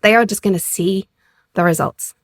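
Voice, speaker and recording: A woman's voice: mid-range voice, normal speed, no room sound. Woman podcast host, leadership coach; direct, emphatic, encouraging; close, dry mic. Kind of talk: solo podcast coaching talk.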